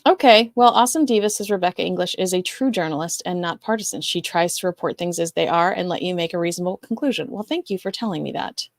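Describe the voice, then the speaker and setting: A woman's voice: on the low side, fast, hardly any pauses, no room sound, clean studio sound. A woman hosting a casual livestream, chatting and reading viewer comments in a rambling, talkative way. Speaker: show host reading live chat.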